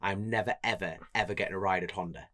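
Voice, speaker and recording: A man with a Geordie accent, a road racer and podcast co-host, telling stories in casual chat and acting out the quotes. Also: quick pace. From North East England. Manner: animated, laughing, acts out quotes with big pitch jumps.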